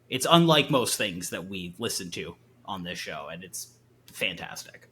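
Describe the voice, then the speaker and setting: A man's voice: fairly low pitch, fairly bright tone, slight background noise. A man co-hosting a podcast, handing out joking music awards in playful banter. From Southern Ontario. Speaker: podcast co-host. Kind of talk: casual comedic awards banter.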